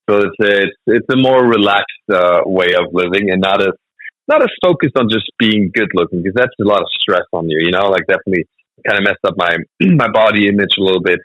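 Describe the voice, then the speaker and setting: Fast, bright man telling stories. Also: fairly low pitch, no room sound, dull audio. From Germany. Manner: animated storytelling, laughs often. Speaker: comedian guest. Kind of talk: casual interview chat.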